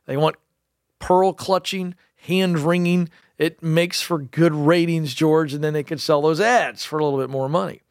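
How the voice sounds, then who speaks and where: Talk show co-host: animated, wry man, slightly high voice, dry studio sound. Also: moderate pace, dry recording. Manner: animated, wry, keeps turning to his co-host. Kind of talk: casual chat.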